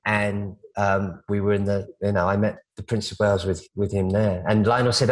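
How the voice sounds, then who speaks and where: A stylist appears as a guest in a casual interview, telling long, rambling stories packed with restarts and fillers. His lowish voice is flat and brisk with few pauses, and the audio quality is poor.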